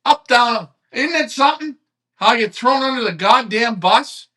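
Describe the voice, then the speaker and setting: A man hosting a live online pigeon club show, ranting heatedly, swearing and swinging from shouts to quiet mutters. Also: very high voice, lively intonation, normal speed. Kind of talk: heated live-stream rant.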